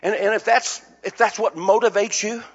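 High husky older preacher, lo-fi sound. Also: male voice, steady tone, normal speed. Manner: storytelling preacher building to shouted climaxes. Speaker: pastor. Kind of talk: sermon. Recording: dull lo-fi sound.

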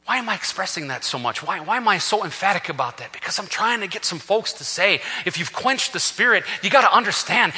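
A man preaching an impassioned sermon, swinging from hushed talk to shouting, in a large echoing hall. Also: sits high, animated, a little fast, hardly any pauses, slightly rough. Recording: long reverb of a large hall.

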